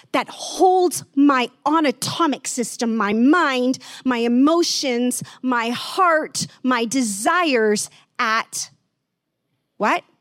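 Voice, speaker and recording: A woman preaching gently in an online sermon, slowing down to stress words and dropping almost to a whisper. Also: high-pitched, no room sound, studio quality. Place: online church service.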